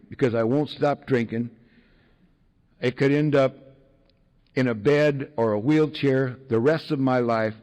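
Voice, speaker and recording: A man in the middle of a talk, spinning a personal story with wry, self-mocking humor. He sits at an average pitch, with frequent ums and chuckles along the way. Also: darkish tone, rough recording. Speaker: speaker sharing a recovery story. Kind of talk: storytelling to an audience.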